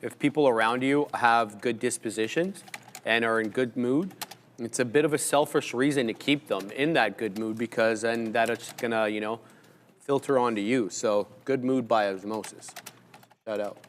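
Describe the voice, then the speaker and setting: A man co-hosts a live trading stream in a relaxed, easygoing way. He explains his entries and his plan one step at a time. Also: mid-range voice, moderate pace, slight background noise. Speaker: day trading stream co-host. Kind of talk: casual live trading commentary.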